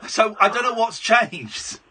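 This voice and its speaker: A man's voice: high voice, lively intonation, unhurried, bright, forceful tone, husky. Sarcastic man hosting radio. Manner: combative, sarcastic, mocking. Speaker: radio phone-in host. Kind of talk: live radio phone-in argument.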